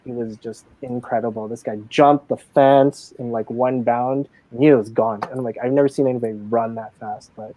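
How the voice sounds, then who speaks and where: A man's voice: medium pitch, fairly even intonation, moderate pace, hardly any pauses, dull audio, slight background noise. A man in a casual live interview, telling stories from his casino job in a chatty way, full of fillers and acted-out quotes. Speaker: casino dealer and games manager.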